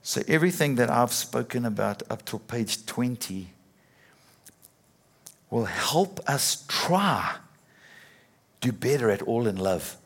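A middle-aged man preaching in a loose, chatty way, repeating words as he builds a point. His voice is slightly husky and sits at an ordinary middle pitch for a man. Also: very animated, slow pace, long pauses. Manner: conversational, with repetitions and playful acted quotes. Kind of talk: sermon.

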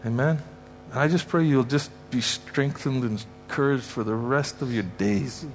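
A guest preacher, a man from Canada, addresses a church congregation in the sanctuary with a medium-pitched voice at a moderate pace. His sermon is heartfelt, full of emphatic repetition and pronounced blessings, with slight background noise present.

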